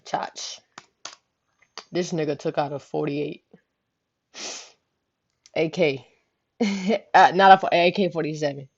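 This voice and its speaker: A young woman vlogger telling a story casually, animated, profane and full of slang, acting out the voices of the people in it. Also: sits low, takes it slowly, pauses often. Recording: dull lo-fi recording.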